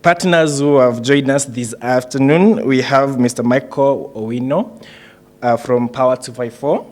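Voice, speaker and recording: A man's voice: mid-range voice, a little slow, darkish tone. A man hosting a graduation ceremony, joking and hesitant with many fillers. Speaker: ceremony host.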